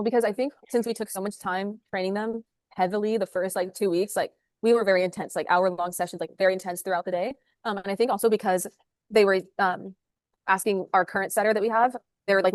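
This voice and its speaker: A woman, a sales manager, talking fast and upbeat as an interview guest over a video call, with lots of "like" fillers. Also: medium pitch, no echo, studio quality. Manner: rapid, upbeat, full of "like" fillers.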